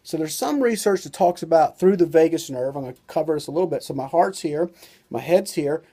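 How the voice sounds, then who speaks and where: Male doctor giving a loose, rambling explainer on camera; slightly high, mellow voice. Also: lively intonation, a little fast. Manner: rambling, loose delivery full of "you know" and "like". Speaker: doctor and author. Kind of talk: informal talk-to-camera lesson.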